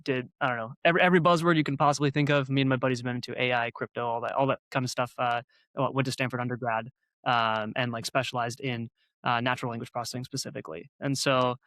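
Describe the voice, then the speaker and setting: A mid-pitched man from North Dakota talks loosely as a podcast guest, with his sentences winding along. The recording is close and dry. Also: fairly even intonation, quick pace, fairly bright tone, no room sound. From North Dakota, USA. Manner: rambling, many fillers and restarts. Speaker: guest, co-founder and software engineer. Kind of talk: casual podcast conversation.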